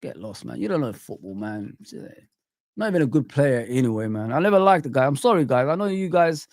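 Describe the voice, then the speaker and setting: A man hosting a live football stream, ranting in an animated way, reading out viewer comments and calling them bro and man. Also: mid-range voice, fairly quick, no room sound, studio quality. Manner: self-described showman. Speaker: football channel host.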